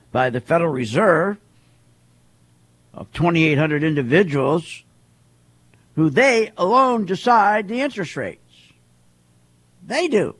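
Husky man on a heated market rant. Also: sits high. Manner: heated, repetitive, rhetorical questions. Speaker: market commentator. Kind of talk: ranting monologue.

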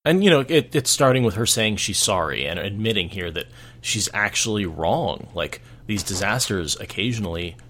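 Low voiced guy on a book podcast, thinks out loud, lots of "like" and "uh". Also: lively intonation, normal speed, hardly any pauses. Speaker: podcast co-host. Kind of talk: casual book discussion.

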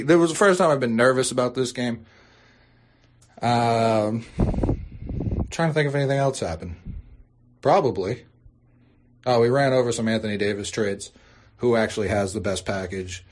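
Ranting, swearing sports podcaster. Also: male voice. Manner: exasperated, swearing, bursts into high-pitched outrage. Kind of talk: profane ranting podcast intro.

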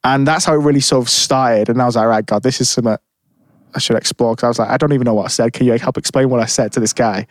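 A man's voice: mid-range voice, steady tone, fast talker, no echo. A man telling a rambling story in casual chat, full of fillers and restarts. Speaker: podcast co-host.

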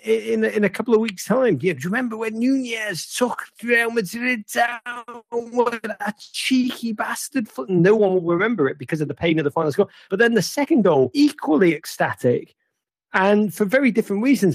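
A man's voice: high voice, darkish tone, husky, no echo, clean studio sound. A man hosting a football chat, telling stories theatrically and teasing his caller playfully. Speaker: host.

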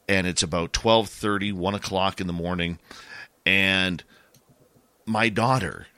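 Middle-aged man, low forceful voice, dry close sound; animated storyteller for a ghost tale. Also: no echo. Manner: animated, rising and louder at the scary parts. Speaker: podcast guest telling a ghost story. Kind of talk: casual storytelling.

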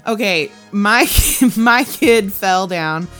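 A woman's voice: medium pitch, animated, very slow, fairly bright tone, faint music behind. A woman co-hosting a casual podcast chat, telling stories bluntly and with plenty of swearing, punctuated by quoted outbursts. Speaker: podcast co-host.

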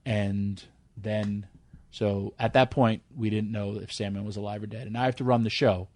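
A man's voice: lowish voice, fairly even intonation, normal speed, a little mellow. A man who runs wrestling shows tells a wild backstage story in an interview, acting out the voices of the people in it. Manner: acts out the people in his story with a raised voice. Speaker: wrestling promoter.

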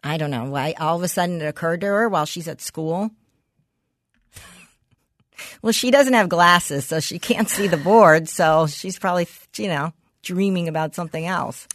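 A woman's voice: fairly low pitch, normal speed, dry recording, clean studio sound. A woman with a New Jersey accent co-hosting a podcast in casual chat, laughing often and talking bluntly with some swearing. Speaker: podcast co-host.

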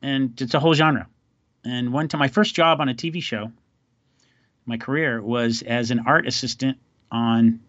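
A man's voice: medium pitch, fairly bright tone, dry recording, lo-fi sound. A man hosting a podcast, telling stories in a loose, rambling, wry way. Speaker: podcast host. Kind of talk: casual chat.

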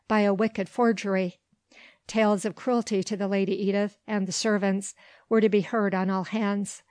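A woman narrating a classic novel aloud in a measured, even reading. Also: mid-range voice, no room sound. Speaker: audiobook narrator. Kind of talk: scripted narration.

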